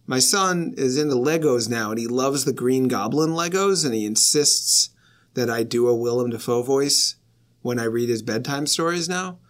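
A man in his thirties, a podcast guest talking over a remote call, rambling and self-deprecating with frequent laughs. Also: medium pitch. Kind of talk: casual podcast chat.

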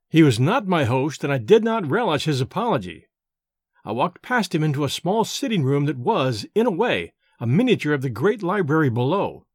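Lively, expressive male audiobook narrator. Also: on the high side, normal speed, husky, no echo, studio quality. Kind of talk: first-person novel reading.

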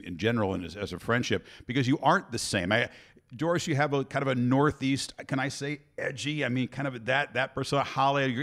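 A man hosting a podcast interview, halting and repeating words as he asks friendly questions. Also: mid-range voice, a bit bright. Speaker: podcast host.

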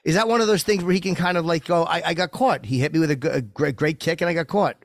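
A man in his fifties who talks quickly in a slightly raised voice, hosting a casual fight chat. The sound is dry and close, with no room around it. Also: a little high, no echo. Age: 50s. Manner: questioning, conversational. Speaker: podcast host.

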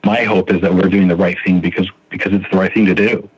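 A man's voice: sits low, little pitch movement, quick pace, lo-fi sound. A man sharing his recovery story on a podcast, speaking earnestly and restarting his sentences often as he thinks aloud. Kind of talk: reflective recovery podcast talk.

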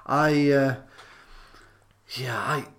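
A man's voice: medium pitch, steady tone, very slow, fairly bright tone. A man speaking as a minister and interview guest, earnest and thoughtful, often restarting phrases as he thinks. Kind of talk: reflective podcast interview.

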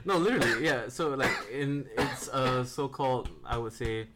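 A man's voice: mid-range voice, moderate pace, very noisy. A man co-hosting a podcast in casual, joking chat, often chuckling between lines. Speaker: podcast co-host.

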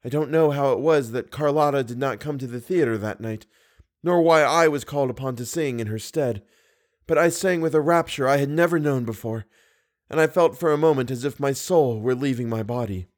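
A man reading the part of a devoted, fearful young woman singer in a measured, earnest audiobook reading. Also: medium pitch, close to an everyday voice.

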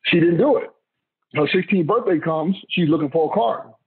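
A middle-aged former football player tells a family story during an interview, speaking emphatically and repeating himself. His husky voice sits fairly high and moves at a normal speed. The audio is tinny, like a phone line.

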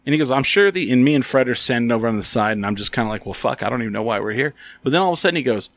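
A man's voice: medium pitch, animated, very fast, few pauses, fairly bright tone, dry recording. A man co-hosting a casual chat, telling a story with lots of swearing and acted-out quotes. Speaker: podcast co-host.

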